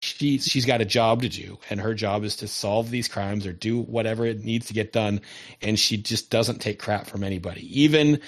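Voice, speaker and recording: Man, podcast co-host, casual recap, lively, laughs often, fairly low voice. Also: normal speed.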